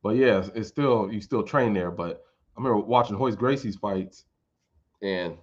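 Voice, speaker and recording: A man's voice: fairly low pitch, moderate pace. Male vlogger, loose profane fight chat, muffled audio. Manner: rambling, profane, informal. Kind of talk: casual commentary.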